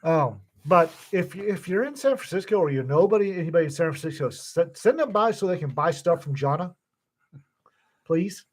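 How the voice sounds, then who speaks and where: A man's voice: a little high, expressive, brisk, slightly rough. A man co-hosting a casual chat, rambling with dry asides. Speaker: podcast co-host.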